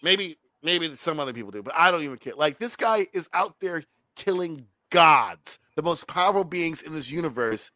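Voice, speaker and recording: A man's voice: fairly high pitch, normal speed, hardly any pauses, no room sound. A man co-hosting a movie review show, talking casually and animatedly, swearing freely. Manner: animated, swearing, mocking voices in quotes. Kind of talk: casual chat.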